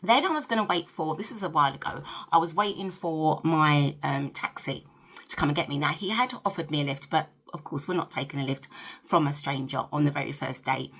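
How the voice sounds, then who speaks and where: A woman's voice: low voice, fairly quick, fairly bright tone, breathy edge. A woman in her late fifties giving frank, chatty dating advice to camera, checking in with the viewer with tag questions. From United Kingdom. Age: 50s. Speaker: lifestyle vlogger.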